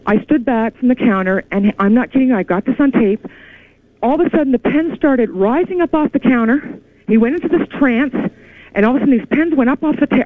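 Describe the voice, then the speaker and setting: A woman caller comes through a tinny, phone-like line that sounds dry and close. Her voice sits high for a speaker, and she rambles excitedly through her story, restarting her sentences often. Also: dry recording. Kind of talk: call-in radio chat. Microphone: telephone.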